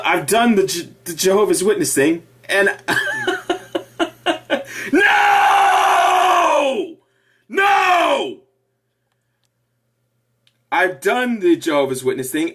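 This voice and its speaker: A middle-aged man ranting casually to camera about his past, animated and sarcastic, with laughing asides. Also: fairly high pitch. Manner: animated, laughing asides, mock-cheerful impressions. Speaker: ex-member giving opinions.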